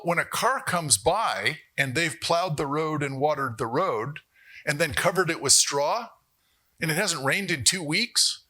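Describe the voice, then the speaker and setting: A man giving a university economics lecture, animated, with jokey asides and rhetorical questions to the audience. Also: on the high side. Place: lecture hall.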